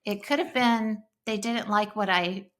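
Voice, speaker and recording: A middle-aged woman co-hosts a faith-based parenting podcast, speaking earnestly, emotionally and casually, and she mentions crying easily. Her medium-pitched voice is unhurried and a bit bright.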